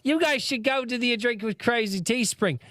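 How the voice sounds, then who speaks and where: A man voicing a goat mascot in an exaggerated, deliberately bad fake Australian accent. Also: extremely high pitch, sharp tone, no echo, pitched above the performer's own voice. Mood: hammy. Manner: hammy, exaggerated put-on accent.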